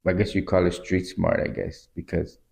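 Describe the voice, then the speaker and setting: A Texan man with a low, deep voice chatting casually as a podcast co-host. He speaks in a laid-back, halting way, feeling for his words. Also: little pitch movement, gravelly, a little mellow. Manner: laid-back, hesitant, lots of fillers and agreement. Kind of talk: casual chat.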